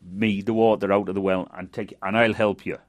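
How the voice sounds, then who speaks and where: A man with a Manchester accent voicing a calm, wise holy well that gives instructions. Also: fairly low pitch, a little fast, lightly acted. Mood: instructive.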